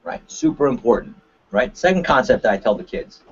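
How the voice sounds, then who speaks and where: Animated martial arts instructor, lo-fi audio. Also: male voice, mid-range voice, a little fast, a little hiss or hum. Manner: animated, acts out examples with shifting voices; frequent "right?" tag questions. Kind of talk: webinar presentation. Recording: dull lo-fi webinar audio.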